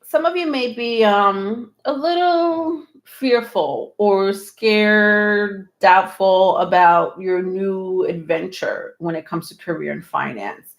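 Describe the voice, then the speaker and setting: In a mid-range voice, taking her time, a tarot reader runs a livestream and talks casually to the audience. She's reassuring but rambling, says um a lot, and comes across as a little breathless.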